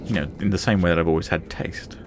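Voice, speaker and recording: A man's voice: deep voice, steady tone, fast talker. A man bantering playfully and teasing friends during a game session over a noisy voice chat. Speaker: game player. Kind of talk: casual gaming chat.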